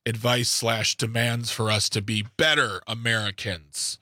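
A man's voice: medium pitch, flat delivery, measured pace, bright, forceful tone, no room sound. A man co-hosting a political talk radio show, tossing out sarcastic jokes and banter in a studio. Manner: joking, sarcastic, acts out mocking quotes. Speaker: radio co-host. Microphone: studio microphone.

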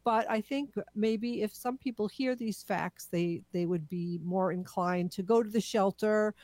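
A woman's voice: mid-range voice, measured pace, no echo. A woman co-hosting a radio show, sharing animal shelter facts in a chatty, laughing way. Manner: warm, laughing, informative. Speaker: radio co-host, animal advocate. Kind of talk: casual radio chat.

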